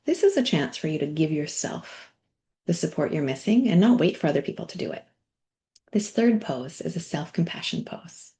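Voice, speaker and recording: A middle-aged woman coach leading a guided body practice in a workshop, speaking gently with soft, near-whispered asides. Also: sits low, sing-song, moderate pace.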